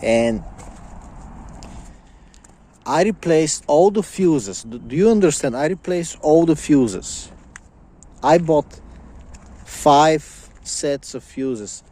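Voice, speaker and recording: Give me a slow-talking young man ranting angrily and profanely in a casual vlog, with a warm dark tone. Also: fairly high pitch, expressive. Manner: angry, profane, repetitive ranting. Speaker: vlogger.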